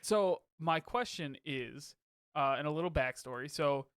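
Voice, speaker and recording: A man's voice: on the high side, a little slow, a bit bright, smooth, no echo, clean studio sound. A man co-hosting a podcast, chatting casually and self-deprecatingly over a video call and laughing easily. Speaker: podcast co-host. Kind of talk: casual chat.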